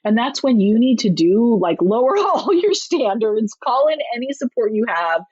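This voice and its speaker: On a podcast interview, a parenting author appears as guest, a chatty woman who talks emphatically at normal speed and now and then raises her voice higher to play out quotes. Very animated, she has a husky, breathy, darkish tone. The sound is dry, a little dull and lo-fi.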